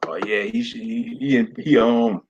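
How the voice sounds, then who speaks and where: A man's voice: medium pitch, unhurried, highs cut off, a little hiss or hum. A man hosting a casual online commentary stream, blunt and slangy, laughing often.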